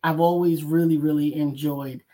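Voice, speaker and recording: Female co-host, measured, reflective speaker in a casual chat. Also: sits low, fairly even intonation, warm tone.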